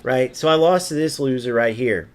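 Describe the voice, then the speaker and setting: A man's voice: medium pitch, normal speed. A man streaming a football video game, ranting and mocking opponents while he swears freely. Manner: brash, mocking, insults opponents and swears often. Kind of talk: gameplay commentary rant.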